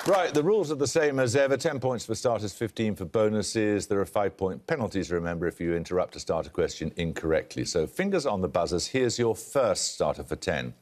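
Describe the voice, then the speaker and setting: A man hosting a televised quiz show, reading questions and introductions in a crisp, precise manner with dry wit. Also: lowish voice, lively intonation, a little fast, hardly any pauses, a little mellow, some chatter behind. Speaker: quizmaster.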